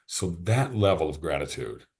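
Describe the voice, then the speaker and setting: A man's voice: a bass voice, very animated, normal speed, darkish tone. A man, a podcast guest, chatting casually and enthusiastically, often restarting his sentences. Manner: enthusiastic, rambling, repeats words when starting sentences.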